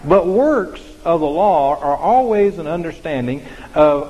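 A man's voice: a little high, lively intonation, measured pace, dark tone. Man preaching in an echoey hall. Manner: conversational preaching with many fillers and restarts. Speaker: pastor. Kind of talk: sermon.

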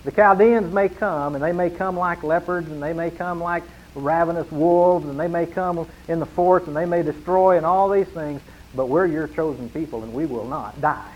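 A man's voice: a little high, fairly even intonation, normal speed, few pauses, muffled recording. A man preaching a sermon in an earnest way, pressing his points and reading scripture with growing force.

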